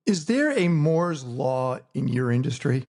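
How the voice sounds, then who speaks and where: A man's voice: medium pitch, sing-song, measured pace, darkish tone. Eager male interview host. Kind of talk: conversational interview.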